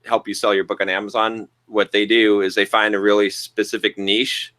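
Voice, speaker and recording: A man's voice: lowish voice, flat delivery, moderate pace, bright, forceful tone. A man co-hosting a podcast, chatting casually and rambling through restarts and jokey asides. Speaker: podcast co-host. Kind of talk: casual chat.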